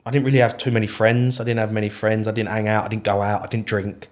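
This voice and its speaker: A man with a lowish voice recounting his football days on a podcast. He talks candidly and animatedly, dropping swear words freely. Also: flat delivery, fast. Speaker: podcast guest, former footballer. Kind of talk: casual storytelling interview.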